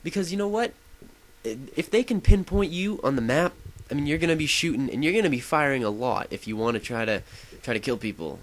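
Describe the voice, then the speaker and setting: A gaming video host with a voice on the high side sounds animated and talks a little fast. This young man rambles enthusiastically over his own gameplay, interrupting himself and restarting sentences, all on a rough recording.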